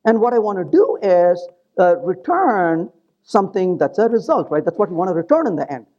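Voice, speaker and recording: A male conference presenter with a fairly high, mellow voice that swings up and down a lot. He jokes and keeps checking in with the audience. The recording is dull and lo-fi. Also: brisk. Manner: animated, joking, keeps asking the audience "right?". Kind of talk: live technical conference talk.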